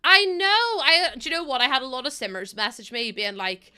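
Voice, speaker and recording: This young woman from Northern Ireland speaks a little fast, her voice sitting high with a sharp yet clean tone. She's live-streaming a game, saying hello to viewers and chatting loosely, wandering off on tangents and laughing a lot.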